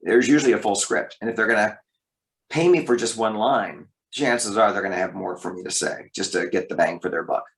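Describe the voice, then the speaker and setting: A man who works as a voice actor, telling stories from his career as an interview guest, lively and leaping up in pitch for emphasis. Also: a little fast. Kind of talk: interview storytelling. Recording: roomy echo.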